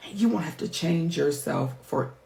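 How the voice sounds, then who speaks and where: A woman's voice: low-pitched, expressive, normal speed, vocal fry, mellow. A middle-aged woman, a life coach, talking candidly to her viewers in a heartfelt, emphatic, chatty way. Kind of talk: candid personal vlog talk. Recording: roomy echo.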